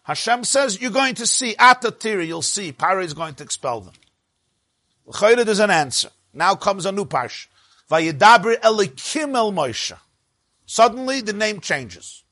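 A man's voice: sits high, very animated, moderate pace, bright, forceful tone, dry recording. A man with teaching a Torah lesson, rising and dropping sharply for emphasis. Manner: emphatic, rises and drops sharply for stress.

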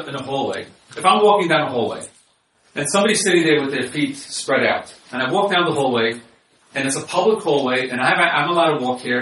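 A man's voice: on the high side, fairly bright tone. Guy lecturing about marriage, chatty, lots of restarts, mic kinda far off, faint hiss behind. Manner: conversational, repeats words while restarting, acts out example dialogue. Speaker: marriage counselor. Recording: echoey room, mic at a distance.

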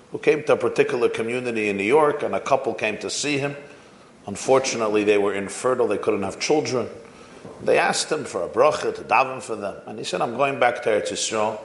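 A male preacher delivers a sermon full of anecdotes, shifting his pace as he tells them. His voice sits fairly low. The sound is roomy, with a hall echo. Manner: storytelling, varied pace. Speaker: preacher addressing educators.

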